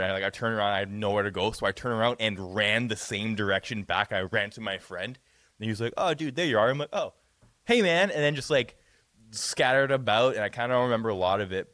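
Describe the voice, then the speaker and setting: A young man co-hosting a podcast, rambling through a profane, animated story in casual chat. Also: fairly low pitch, no room sound. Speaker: podcast co-host.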